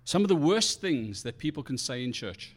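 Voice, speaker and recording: A man preaching a sermon as pastor, passionate and animated, acting out quoted excuses from churchgoers. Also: mid-range voice, normal speed.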